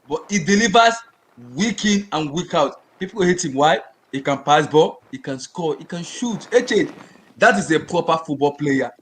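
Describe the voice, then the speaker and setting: Passionate male podcast co-host, higher voice, emphatic repetition. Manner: passionate, emphatic, repeats words, shouts in bursts. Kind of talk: heated casual football chat.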